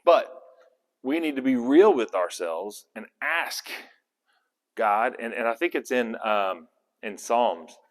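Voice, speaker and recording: A man with a medium-pitched voice leads a casual Bible study. His delivery is conversational and rambling, with frequent restarts and self-corrections, and his words ring out with a long hall reverb. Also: animated, slow pace.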